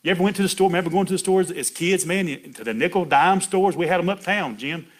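A man's voice: high voice, fast. Folksy preacher man, chuckling. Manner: chatty, laughing, calls out to listeners by name. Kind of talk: folksy sermon.

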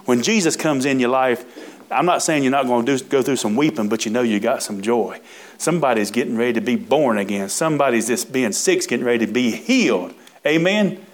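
A preacher, reading scripture in a sermon with folksy, emphatic asides and drawn-out words. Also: male voice, medium pitch, expressive.

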